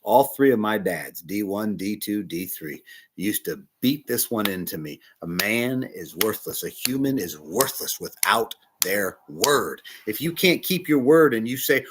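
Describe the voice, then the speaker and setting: A man preaching a casual sermon as a bishop, emphatic, swinging between loud stresses and hushed asides. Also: fairly low pitch, animated, normal speed, noisy background.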